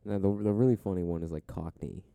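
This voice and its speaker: Deep-toned smooth laid-back podcast man. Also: fast, warm tone, dry recording. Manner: laid-back, profane, laughs often. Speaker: podcast co-host. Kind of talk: casual podcast chat.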